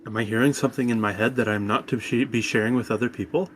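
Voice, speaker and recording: A man playing in a tabletop game, making joking deadpan asides. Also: mid-range voice, fast talker, slight background noise. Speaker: player.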